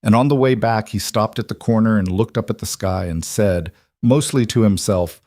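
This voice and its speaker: A man narrating a scripted story in a steady, plain manner. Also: lowish voice, moderate pace, hardly any pauses, no room sound, studio quality.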